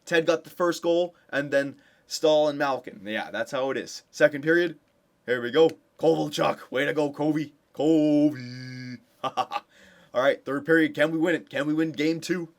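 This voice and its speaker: Young male gameplay commentator, eager and chatty, swings between hyped cheering and low muttering. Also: moderate pace. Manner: excited cheering for his team. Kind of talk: casual video game commentary.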